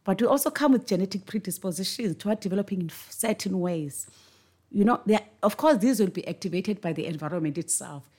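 A woman's voice: mid-range voice, expressive, a little fast, warm tone, breathy edge. A woman hosting a podcast, speaking in an earnest, emphatic monologue and repeating words for stress. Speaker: podcast host. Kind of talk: reflective monologue on parenting.

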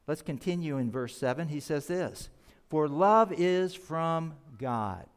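A man's voice: on the high side, lively intonation, takes it slowly, smooth. A man preaching a sermon as pastor, explaining scripture earnestly and leaning hard on key words. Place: church sanctuary. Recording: reverberant church hall.

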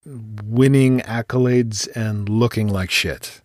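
A man's voice: lowish voice, steady tone, slow pace, darkish tone, no echo, clean studio sound. A man interviewing a guest, asking thoughtful, probing questions.

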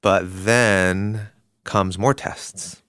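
A man with a notably deep voice reasons through ideas in casual conversation. He sums points up thoughtfully and agrees with short murmurs. The sound is close and dry. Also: steady tone, drawn-out words, a bit bright, smooth, no room sound. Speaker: podcast co-host. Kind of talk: casual conversational Bible discussion.

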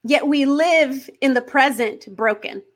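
A woman hosting a faith podcast, talking earnestly to her listeners and leaning on slow, emphatic questions. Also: high-pitched. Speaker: podcast host.

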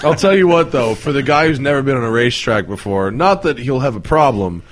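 A man in casual podcast chat, joking easily and trailing off softly at the ends of thoughts. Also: medium pitch, animated, a little fast. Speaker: podcast guest.

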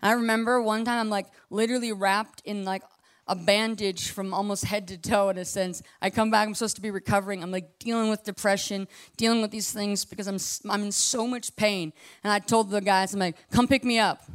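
A woman preaching a conversational sermon, impassioned and casual, full of asides, swinging between hushed and loud. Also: medium pitch, level tone, fairly quick.

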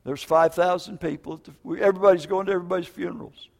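A man's voice: high voice, fairly even intonation, rapid-fire, gravelly. An older man preaching a sermon, telling a personal story in a folksy, emotional way with frequent asides. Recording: long hall reverb.

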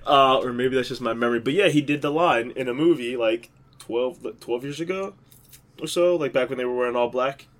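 A man's voice: medium pitch, brisk, a bit bright. A man co-hosting a podcast, telling rambling jokey stories in casual chat with lots of fillers. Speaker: podcast co-host.

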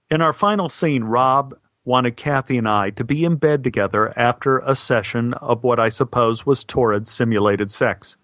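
A middle-aged male actor telling a story in a wry, deadpan way. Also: medium pitch, moderate pace, no echo. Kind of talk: storytelling monologue.

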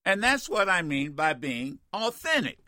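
A man's voice: high voice, very animated, unhurried, pushed and bright, no room sound, studio quality. An older man hosting a call-in radio talk show, blunt, fiery and profane with callers. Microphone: studio microphone.

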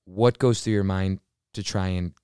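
Smooth, deep-voiced male podcast co-host. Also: fairly even intonation, normal speed, mellow, no echo, clean studio sound. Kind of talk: casual chat.

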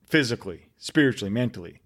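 Male guest, low register, earnest storyteller who repeats words and pauses for weight. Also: expressive, fairly bright tone. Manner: earnest, dramatic pauses and repetition. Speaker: podcast guest. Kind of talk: storytelling interview answer.

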